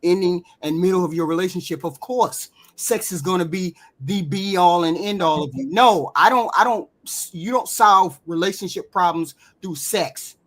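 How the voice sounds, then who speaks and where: A woman's voice: lowish voice, moderate pace, few pauses. A woman co-hosting a podcast, arguing her point insistently in a heated casual panel debate.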